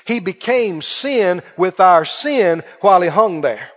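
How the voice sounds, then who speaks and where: A man preaching a sermon to a congregation in an auditorium, dramatic and questioning, slowly drawing out key words. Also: high voice, animated, a bit bright. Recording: dull lo-fi sound with long hall reverb.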